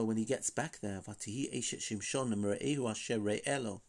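A man's voice: lowish voice, vocal fry, darkish tone. A man hosting a podcast, giving an informal Bible lesson in a conversational way, full of fillers and rhetorical questions, reading Hebrew verses aloud and translating them. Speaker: Bible teacher and podcast host.

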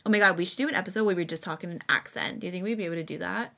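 A woman's voice: on the low side, racing, vocal fry, a bit bright. A young woman co-hosting a podcast, joking around in playful, chatty conversation. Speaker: podcast co-host. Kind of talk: casual chat.

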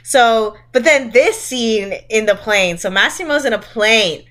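Animated woman podcast co-host. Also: on the high side, measured pace, slight background noise. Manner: animated, laughs often, mocks lines in quotes. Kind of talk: casual chat.

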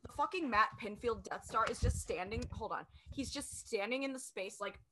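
A woman co-hosting a podcast, recapping an episode in casual chat; she is energetic, swears casually and fills pauses with ums. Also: on the high side, background noise. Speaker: podcast co-host.

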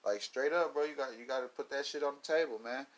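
A man's voice: medium pitch, quick pace. A man hosting a casual solo podcast, rambling and swearing a lot and often breaking into laughs. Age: adult. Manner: rambling, profane, laughs between lines. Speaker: podcast host.

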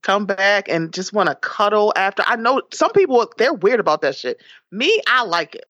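A woman guest on a podcast, chatting casually, animated and profane, often laughing. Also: mid-range voice, moderate pace, no room sound. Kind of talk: casual chat.

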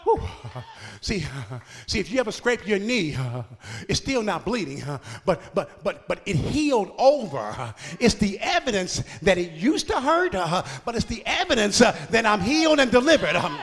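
A man in his fifties preaching a sermon, punctuating his phrases with "uh" and rising into shouted exhortation. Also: very high voice, sing-song, moderate pace, in a large hall. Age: 50s.

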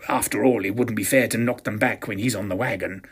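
A man's voice: lowish voice, steady tone, brisk, slightly rough. A man in his fifties narrating a first-person audio drama with a pompous, self-satisfied, arch manner. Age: 50s.

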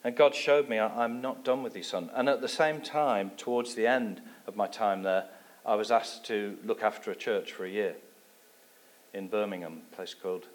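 A man from England giving a sermon with a personal testimony, telling his story in a lively way and dropping his voice low for asides. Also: normal speed. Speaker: guest preacher.

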